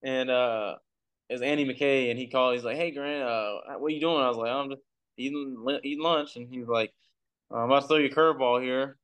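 Young male podcast guest from Texas; easygoing, rambling storyteller, clear resonant tone. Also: mid-range voice, steady tone, brisk, fairly bright tone. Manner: laid-back, rambling with fillers. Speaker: guest, pro baseball pitcher. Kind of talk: casual storytelling. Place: recording for a podcast.

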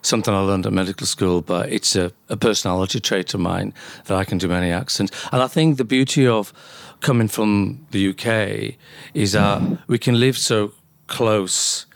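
A man's voice: on the low side, moderate pace, vocal fry, hardly any pauses, no room sound. A middle-aged man from the UK, a doctor guesting on a podcast, telling jokey anecdotes in casual interview chat. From UK, born in South Wales, raised in Leeds. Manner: chatty and jokey, tells anecdotes.

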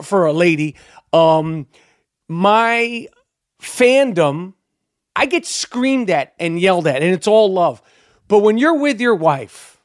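Brief: middle-aged man, high voice, profane rambling podcast rant, dry close mic. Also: no room sound. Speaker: podcast host. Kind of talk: casual ranting monologue.

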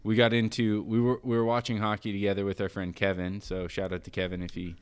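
An American man hosting a podcast, moving from an upbeat scripted intro into relaxed, joking banter with a guest. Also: fairly low pitch, quick pace, smooth. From United States. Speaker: podcast host. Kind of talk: casual podcast chat.

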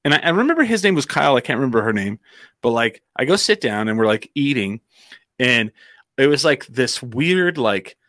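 A man's voice: medium pitch, very animated, brisk, a bit bright, dry recording, studio quality. A man from New Mexico telling a long story in casual chat, rambling with fillers and acting out quotes.

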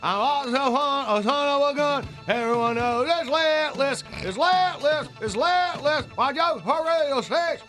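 A man putting on a goofy, high, squeaky comic character voice for a radio comedy bit. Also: unhurried, pauses often, pushed and bright, faint music behind, exaggerated voice. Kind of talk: comedy bit sung in a silly voice.

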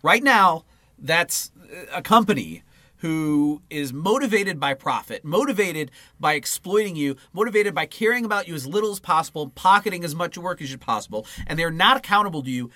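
A man on a podcast reads a long political passage aloud, his voice bright and ringing with lots of pitch movement. He swears freely and slips into offhand asides between sentences. The sound is close and dry, with no room around it. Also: lively intonation, normal speed, no echo. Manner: swears freely and breaks into asides mid-reading. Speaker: podcast co-host. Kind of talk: reading a political text aloud, then casual chat.

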